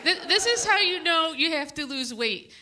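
A woman doing a stand-up set on a brewery stage, telling stories in a halting, stammering way. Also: very high-pitched, lively intonation, pushed and bright, some chatter behind. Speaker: stand-up comic. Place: brewery stage with live audience.

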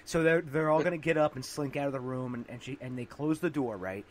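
A man's voice: medium pitch, a little fast. A man hosting a podcast, bantering and laughing with his guest. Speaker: podcast host. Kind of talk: casual podcast interview.

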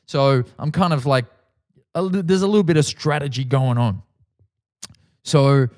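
Profane, animated Australian man telling stories. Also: mid-range voice. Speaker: podcast host. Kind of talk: casual storytelling.

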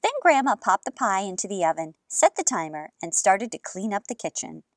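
Animated woman reading a kids' book. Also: mid-range voice, brisk, dry recording, studio quality. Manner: animated, expressive read-aloud. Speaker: children's storyteller. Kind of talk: reading a picture book aloud to kids. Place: outdoors in an apple orchard.

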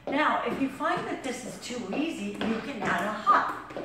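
A woman's voice: on the high side, big pitch swings, moderate pace, heavy background noise. Breathless woman coaching a workout. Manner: counts reps aloud while exercising. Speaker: fitness instructor. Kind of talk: workout demonstration. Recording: echoey room, far from mic.

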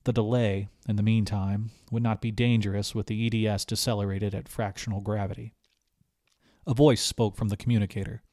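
A man reading a short story aloud as an audiobook narrator, with steady, even storytelling. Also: fairly low pitch, brisk, no room sound, clean studio sound. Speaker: audiobook reader. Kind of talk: scripted narration.

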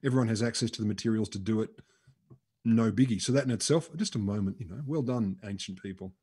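A man's voice: lowish voice, fast, mellow, breathy edge. An Australian man co-hosting a podcast, joking and cutting in with quips. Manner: joking, interjecting. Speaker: podcast co-host. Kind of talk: casual banter.

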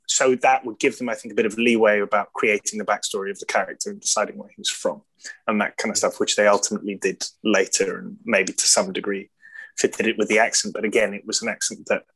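An Englishman in his thirties chats as a guest, rambling and self-deprecating, and laughs often. His voice sits a little low. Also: a bit bright. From England. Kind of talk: casual chat.

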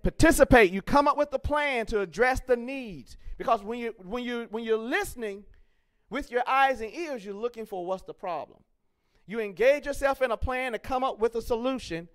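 A man's voice: extremely high pitch, moderate pace, a bit bright, clean tone. A man teaching a leadership lesson to teens at a camp, asking the group questions, spelling words out and repeating key points with emphasis. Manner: call-and-response questioning, emphatic and repetitive; encouraging, jokes with students. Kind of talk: interactive classroom teaching.

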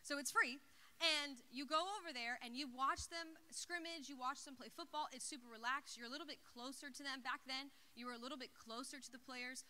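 Bright, chatty young woman youth speaker. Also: sits high, brisk. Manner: excited, chatty, lots of "like". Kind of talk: storytelling youth message. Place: church youth service. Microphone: handheld mic.

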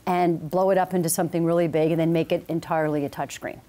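A woman guest in a TV studio, a professor explaining her teaching with calm confidence. Her voice is low for a woman, with a mellow, warm tone. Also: fast talker. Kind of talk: TV interview.

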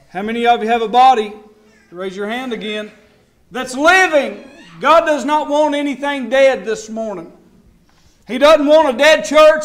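A middle-aged man preaching a Baptist sermon in a church, pleading and calling on people by name. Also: very high voice. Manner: impassioned, pleading, calls on congregants by name. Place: church sanctuary.

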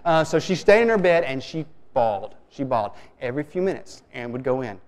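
A man's voice: medium pitch, big pitch swings, a little fast, a little mellow. Man telling a sermon story in a church. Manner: storytelling, conversational, with many restarts. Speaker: preacher. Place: church sanctuary. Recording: long reverb of a church hall.

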